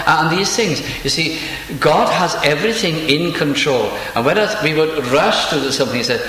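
A man preaching a sermon at a measured, unhurried pace. He slows right down over scripture quotes. His voice carries through a roomy, echoing space with a faint hum of ambience behind it. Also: medium pitch, animated, sharp tone.

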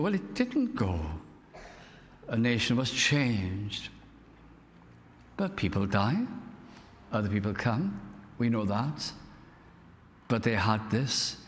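Older Welsh preacher in an echoing hall. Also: male voice, medium pitch, a bit bright. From Wales. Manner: storytelling, rises to fervent emphasis. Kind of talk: sermon. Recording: long hall reverb.

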